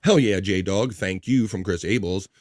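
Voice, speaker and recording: A man's voice: deep voice, measured pace, a little mellow, no echo, clean studio sound. A man hosting a livestream, chatting upbeat with guests and reading out viewer messages with thanks. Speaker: livestream host. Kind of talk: casual chat, reading chat messages.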